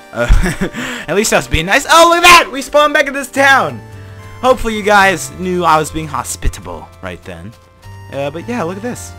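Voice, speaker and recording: A young man narrating his own gameplay, chatty and excitable, jumping from mumbles to panicked shouts. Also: fairly high pitch. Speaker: gaming channel host. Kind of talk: gameplay commentary.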